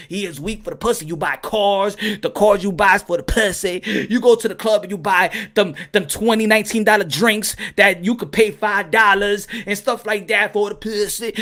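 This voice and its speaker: Boxing channel host, male, very high and bright voice, loose comedic rant, constant laughing and cursing. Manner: laughs often, swears freely, preachy asides.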